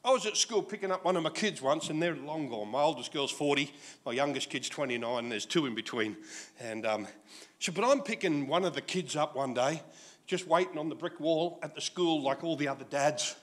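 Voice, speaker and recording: Lively Australian preacher in his sixties. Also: a little high, a little fast. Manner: jokey, animated storytelling with acted asides. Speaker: pastor. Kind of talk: sermon.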